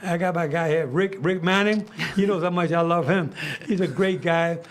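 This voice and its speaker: A man's voice: fairly high pitch, moderate pace. An older man hosting a talk show, telling casual stories with many restarts and fillers. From United States. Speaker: host. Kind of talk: casual storytelling chat.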